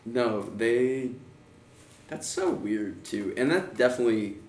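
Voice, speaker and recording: Lively young man who laughs easily. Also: medium pitch, measured pace. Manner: laughs easily, swears casually. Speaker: podcast co-host. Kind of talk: casual chat. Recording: echoey room.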